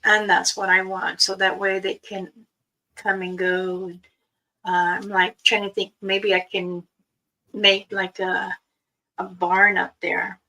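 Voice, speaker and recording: A woman's voice: medium pitch, little pitch movement, slow pace, pushed and bright. A middle-aged woman hosting a livestream, telling stories in a casual chat, acting out quoted dialogue and laughing often. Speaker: livestream host. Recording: voice a bit far from the mic.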